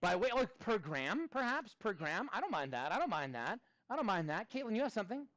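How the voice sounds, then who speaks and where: Animated man in his thirties teaching. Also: sits high, fairly quick, dry recording. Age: 30s. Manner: animated, playful, chatty with students. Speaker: math teacher. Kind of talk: classroom lesson. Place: classroom.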